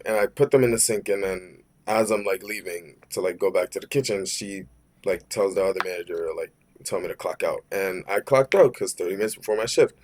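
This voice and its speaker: A man's voice: on the low side, fairly quick, darkish tone. A young man telling a work story in a rambling, slangy storytime rant, cursing and saying "bro" constantly. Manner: rambling, with many fillers and restarts.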